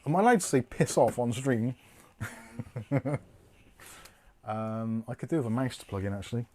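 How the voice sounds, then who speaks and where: Lively man chatting through a live build. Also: medium pitch, normal speed, a little hiss or hum. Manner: chatty, swearing, laughing at himself. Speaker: host. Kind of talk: casual live-stream chat.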